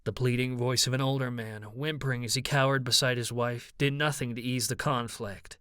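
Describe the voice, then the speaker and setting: A man narrating an audiobook in the first person, with a steady, even storytelling delivery. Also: medium pitch, brisk, hardly any pauses, clean tone, no echo, clean studio sound.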